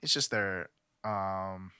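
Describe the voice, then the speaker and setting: A young Californian man co-hosting a podcast chats casually, rambling with plenty of fillers and restarts. His deep voice moves slowly, sounding bright, forceful and smooth. The studio-quality recording has no echo.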